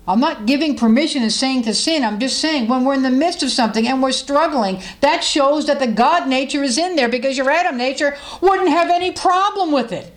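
A woman preaching a sermon in an earnest way, her voice climbing high when she gets impassioned. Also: fairly quick, few pauses.

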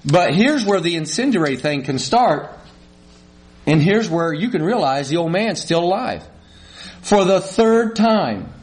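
A man's voice: fairly high pitch, lively intonation, moderate pace. A middle-aged male pastor gives a conversational sermon, asks the congregation questions and acts out small quarrels.

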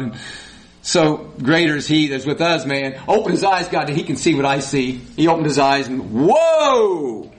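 A man preaching a sermon in a folksy, animated way, rising to high emphatic peaks. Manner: folksy, says y'all.

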